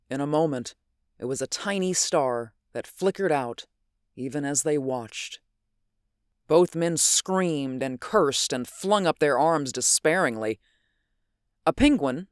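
A narrator reading an adventure story in measured, unhurried scripted narration. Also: medium pitch, no echo, studio quality. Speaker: audiobook narrator.

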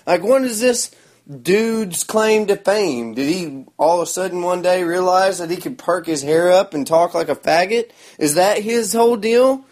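A man's voice: high-pitched, animated, moderate pace, darkish tone. A man, telling a rambling story in a sarcastic, crude, mocking way. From Oklahoma. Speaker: vlogger.

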